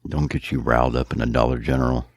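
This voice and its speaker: Deep gravelly-voiced man, deadpan jokes. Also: fast, background noise. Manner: deadpan joking. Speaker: podcast co-host. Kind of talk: casual chat.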